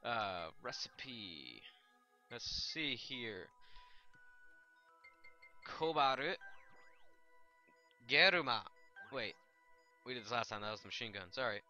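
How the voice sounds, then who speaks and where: A man hosting a live let's play, commenting as he plays; he shouts attack names in bursts and mutters asides in between. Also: medium pitch, takes it slowly, long pauses, dull audio, faint music behind.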